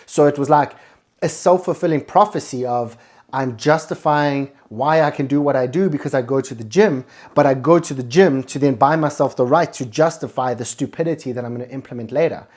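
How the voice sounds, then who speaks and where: Guy hosting a podcast, blunt and sweary, pushing a motivational rant, mid pitch. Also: a little fast, darkish tone. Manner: blunt, heavily profane, emphatic. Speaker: podcast host. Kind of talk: motivational monologue.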